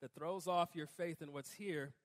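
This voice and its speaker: A man preaching a sermon in a conversational way, breaking into emphatic, louder outbursts. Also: a little high, moderate pace. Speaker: pastor.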